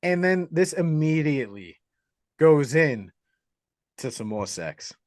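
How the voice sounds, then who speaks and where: A man with a slightly higher voice, recapping a horror film for a podcast. He talks in a loose, animated way and keeps dropping in crude jokes and quick character voices. His voice sounds close and dry, with no room around it. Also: no room sound. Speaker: podcast co-host. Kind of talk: casual movie recap.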